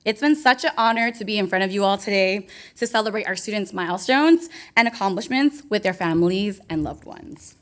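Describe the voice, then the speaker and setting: A woman's voice: medium pitch, lively intonation, a little fast, hardly any pauses. Bubbly young woman hosting live. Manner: bubbly, playful and hyped, talks straight to the crowd. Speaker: event MC. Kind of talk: live ceremony hosting with crowd work. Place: event venue with a live audience.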